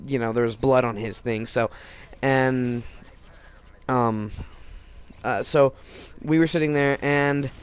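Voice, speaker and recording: A man's voice: medium pitch, fairly even intonation, slow pace, smooth. A teenage boy telling a personal story in a casual, rambling way, full of restarts and fillers.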